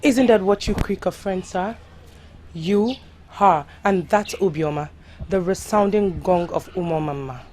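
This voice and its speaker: A woman's voice: on the low side, dark tone, a little hiss or hum, natural voice. An actress playing a haughty, scheming young woman. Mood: disdainful. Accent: Nigerian. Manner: disdainful, slow, threatening. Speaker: actor. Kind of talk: film drama acting.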